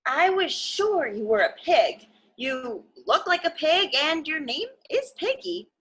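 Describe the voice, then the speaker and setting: A woman voicing a cautious, anxious male elephant in a storybook reading, with a slow, worried, drawn-out delivery. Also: high-pitched, big pitch swings, a bit bright, pitched above the performer's own voice, heavily acted. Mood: puzzled.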